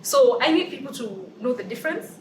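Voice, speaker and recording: A woman's voice: sits high, lively intonation, brisk, background noise. A young woman with a Kenyan accent, giving opinions in a casual vlog and hammering her points home by repeating them. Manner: emphatic, repeats phrases for emphasis. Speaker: vlogger. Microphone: camera's built-in mic, no external mic. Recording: roomy and distant from the mic.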